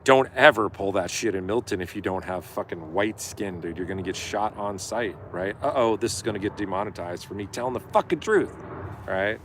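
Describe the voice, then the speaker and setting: Animated low-voiced man ranting profanely. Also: fairly quick, a little hiss or hum. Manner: profane, animated, acts out yelling quotes. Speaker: live streamer. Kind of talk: casual storytelling rant.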